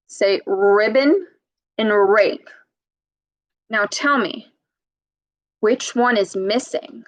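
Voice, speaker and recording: A woman reading a storybook to children and leading a speech lesson, modeling sounds slowly and patiently with exaggerated emphasis. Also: mid-range voice, no room sound, lo-fi sound.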